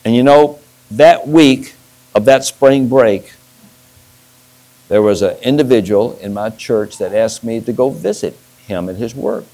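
A man's voice: mid-range voice, lively intonation, a little slow, mellow, rough recording. Man preaching a storytelling sermon. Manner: storytelling with restarts and acted-out quotes. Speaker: pastor.

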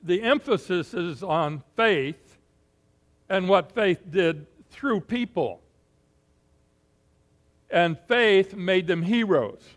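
A man preaching a sermon in an unhurried, folksy way, pausing often with fillers and clearing his throat. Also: sits high, expressive. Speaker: pastor.

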